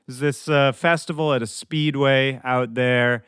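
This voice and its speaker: A man hosting his own podcast, talking loosely and candidly, his voice hoarse from shouting at a show the night before. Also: medium pitch, steady tone, unhurried, few pauses, dry recording, clean studio sound. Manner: candid, loose and conversational, with some swearing. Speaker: podcast host. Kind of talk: casual podcast monologue.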